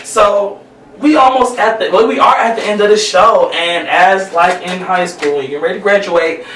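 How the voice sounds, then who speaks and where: A man hosting a casual podcast chat, playful and quick to laugh. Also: high voice, a bit bright, a little hiss or hum. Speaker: podcast host. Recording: roomy, distant mic.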